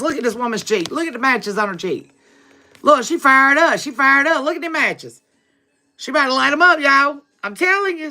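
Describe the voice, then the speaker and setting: A woman's voice: sits high, sharp tone. A woman doing a live-stream tarot reading for her viewers, chatty and familiar, calling them "baby" and "boo", tagging lines with "okay?" and laughing often between remarks. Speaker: tarot reader. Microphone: livestream setup.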